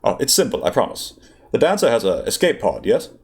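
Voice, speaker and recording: A man's voice: medium pitch, big pitch swings, fairly quick, darkish tone, breathy edge. A man voicing a weary, wry wounded general in a read-aloud story.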